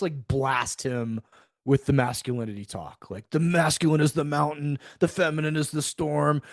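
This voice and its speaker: A middle-aged man, a podcast guest, telling a story in a lively way, acting out the quoted dialogue and swearing freely. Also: mid-range voice, dry recording, studio quality. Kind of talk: storytelling in a conversational interview.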